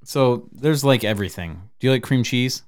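A man hosting a podcast in loose, profane casual chat, laughing often and bursting with excitement. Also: medium pitch, moderate pace. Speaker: podcast host.

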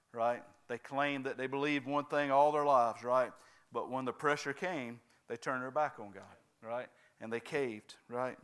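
With a smooth, resonant voice at a typical male middle pitch, a preacher delivers his sermon. He keeps engaging the congregation through repeated calls of "right?" and "amen?".

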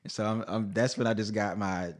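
A man in his thirties, a singer-songwriter guest, telling his life story in a casual interview, animated, laughing often and restarting sentences. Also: on the low side, fairly quick.

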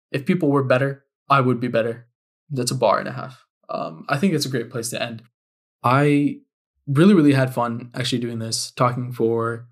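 Young male podcast host, casual solo storytelling, frustrated and expletive-heavy, with big upward pitch jumps. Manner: exasperated, swearing, voice jumps high when frustrated.

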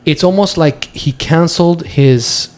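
A man co-hosting a podcast, debating a film in casual chat, animated and full of restarts. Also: a little high, a little slow. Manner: animated, argues his point with frequent restarts. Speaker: podcast co-host.

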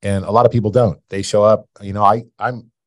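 A man's voice: lowish voice, level tone, brisk, no room sound, clean studio sound. A man hosting a podcast, talking with his guest in a casual, encouraging way. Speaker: podcast host. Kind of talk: casual interview chat.

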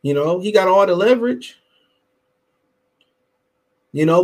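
High-voiced man ranting about boxing. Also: lively intonation, moderate pace, pauses often. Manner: profane, heated, emphatic and repetitive. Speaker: boxing podcast host. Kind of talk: casual commentary with live chat.

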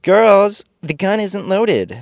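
A fierce young woman general barks her demands in a high, pushed-up voice, as a man reading a storybook puts her on. She sounds determined and commanding, and the recording is dull and dry. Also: wildly swooping pitch, normal speed, a little mellow, no echo. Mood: cheerful. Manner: determined, commanding, falsetto-ish.

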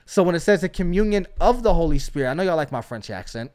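High-voiced man preaching with fervor. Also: lively intonation, brisk, few pauses, darkish tone. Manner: emphatic, exhorting, frequent call-outs to listeners. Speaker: podcast host preaching. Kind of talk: energetic preaching.

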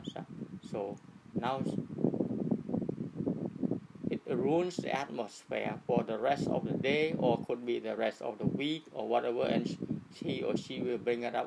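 A man giving an informal teaching talk, repeating himself and checking in with his listeners with "right?" and "okay". Loud noise runs under the recording. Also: medium pitch, a little slow, vocal fry, long pauses. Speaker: speaker giving a talk on attachment.

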